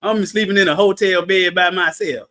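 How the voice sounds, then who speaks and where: A man leading a livestreamed Bible study in a playful, animated way, breaking into sudden shouts for emphasis and calling on listeners. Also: high-pitched, normal speed.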